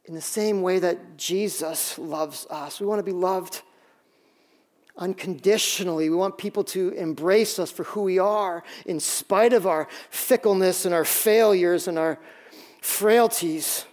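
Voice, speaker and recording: A man's voice: sits high, unhurried, a little mellow. A man preaching as pastor in a conversational sermon, telling self-deprecating stories with frequent restarts.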